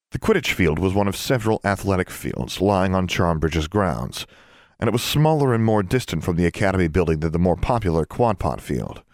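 Steady and measured, this deep male voice narrates an audiobook on a clean studio recording without echo.

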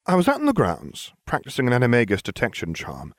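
A man voicing a bright, bossy teenage girl witch who talks in a prim, self-satisfied way. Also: medium pitch, huge pitch swings, quick pace, no room sound, clean studio sound, pitched above the performer's own voice. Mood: smug.

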